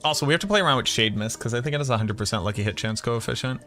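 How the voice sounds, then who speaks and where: A man's voice: mid-range voice, expressive, racing, pushed and bright, faint music behind. A man from the Boston area streaming a game, thinking aloud and chatting with viewers as he plays. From Boston area, USA. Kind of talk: live-stream gameplay commentary.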